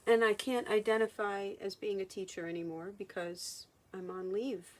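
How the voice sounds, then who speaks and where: A woman hypnotherapist speaking in a personal vlog monologue, halting and reflective, often restarting her sentences. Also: mid-range voice, fairly even intonation, darkish tone. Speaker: hypnotherapist and channeler.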